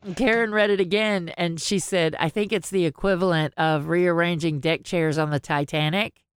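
Woman podcast co-host, low and smooth, chatty storyteller who swears freely. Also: fairly even intonation, normal speed, no echo, clean studio sound. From American South. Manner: rambling storyteller, laughs often, swears freely. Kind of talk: casual chat.

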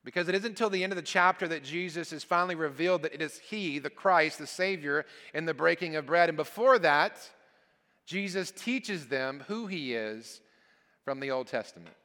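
A man on the high side, speaking at normal speed in a bright, forceful tone, preaches as a guest speaker. After reading scripture aloud, he explains it earnestly and emphatically, his phrases falling at the end, all within long church hall reverb.

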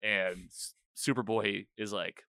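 Bright-voiced man rambling through a recap. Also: on the low side, slow, clear, resonant tone, dry recording, clean studio sound. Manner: rambling, animated retelling with quoted lines. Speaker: podcast host. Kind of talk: casual episode recap chat.

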